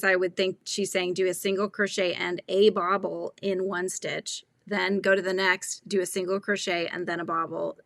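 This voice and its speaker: A woman's voice: mid-range voice, creaky, bright, forceful tone, no room sound. A woman hosting a live crochet chat, thinking aloud and talking through pattern steps with viewers. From California. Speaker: crochet livestream host.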